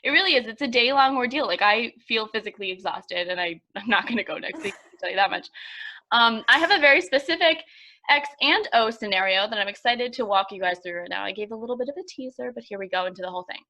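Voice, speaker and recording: A woman's voice: a little high, lively intonation, quick pace, bright, forceful tone. A young woman co-hosting a podcast, telling stories in a chatty way with lots of fillers. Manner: chatty storyteller, many fillers. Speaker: podcast co-host. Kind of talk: casual chat.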